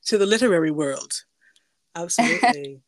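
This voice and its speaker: A woman's voice: on the low side, lively intonation, fairly quick, no room sound. A woman hosting a podcast in casual interview chat, chatty and laughing often, restarting her sentences as she goes. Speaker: podcast host.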